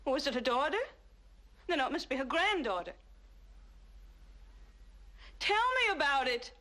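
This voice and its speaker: A woman's voice: high voice, expressive, a little fast. An actress playing a sensitive young woman who questions her mysterious lover earnestly in a 1970s TV drama. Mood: tense. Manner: earnest, probing, turns soft and breathy when tender.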